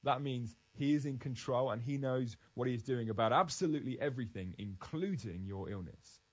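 A man's voice: medium pitch, fairly quick, low-quality recording. Earnest man teaching from the Bible. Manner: earnest, emphatic, with frequent restarts. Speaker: Christian speaker.

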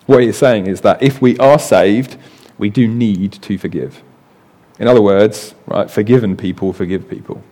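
A man's voice: fairly low pitch, normal speed, dark tone. A man preaching a sermon in a conversational way, often adding "right" and repeating words as he explains.

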